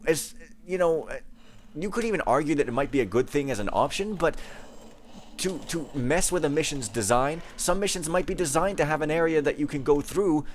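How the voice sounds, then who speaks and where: A man's voice: on the high side, lively intonation, fairly quick, a little hiss or hum. A young man giving casual gameplay commentary, ranting and easily frustrated, with outbursts and musing. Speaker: let's play gamer.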